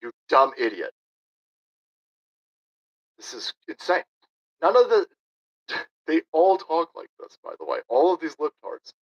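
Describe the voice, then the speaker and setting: A combative man in his thirties rants sarcastically on his livestream, his fairly high voice swinging wildly up and down. The audio is dull and lo-fi. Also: huge pitch swings, unhurried, pauses often. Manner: sarcastic, combative, reads chat aloud. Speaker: political livestream host. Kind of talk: ranting livestream commentary.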